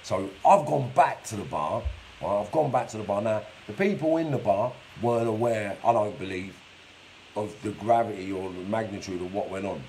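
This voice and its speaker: A man's voice: fairly low pitch, lively intonation, normal speed, darkish tone, slight background noise, poor audio. A man telling his life story on a live stream in a blunt, streetwise way, swearing constantly. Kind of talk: casual storytelling monologue. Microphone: phone or webcam for a live stream.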